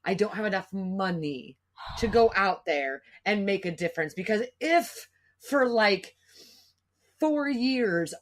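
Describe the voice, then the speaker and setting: A woman's voice: mid-range voice, expressive, slow pace. A middle-aged woman hosting a podcast, talking in an emotional, rambling way and swearing freely. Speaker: podcast host. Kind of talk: casual podcast conversation.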